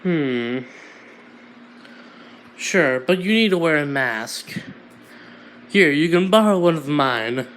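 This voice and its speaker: A man voicing a calm, menacing young male villain boss, making his voice deeper and speaking slowly. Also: a little hiss or hum. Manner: deepened, slow and soft-spoken.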